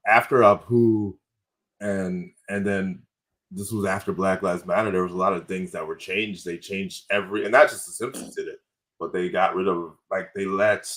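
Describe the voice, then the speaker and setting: A man's voice: deep voice, a bit bright. A man, a comedian guest on a podcast, telling rambling stories in casual chat and correcting himself as he goes. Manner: rambling anecdotal storytelling with self-corrections.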